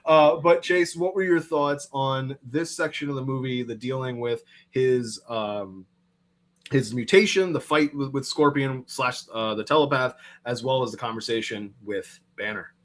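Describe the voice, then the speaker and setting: A man's voice: mid-range voice, normal speed. Wry man with a mid-range voice. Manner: relaxed, wry, laughs often. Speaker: podcast host. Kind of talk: casual movie review chat.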